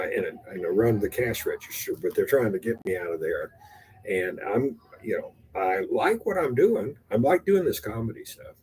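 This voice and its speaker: An older man from Texas, rambling and halting as he chats casually and rehearses his stand-up, poking fun at himself. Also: lowish voice, a little mellow, breathy edge. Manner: rambling, halting, self-deprecating. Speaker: amateur stand-up comedian.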